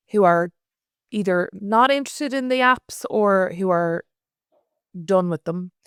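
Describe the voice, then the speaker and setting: A woman's voice: mid-range voice, smooth, no echo, studio quality. A woman in her thirties with an Irish accent, co-hosting a podcast in casual, teasing chat. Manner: chatty, teasing, apologetic asides. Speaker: podcast co-host.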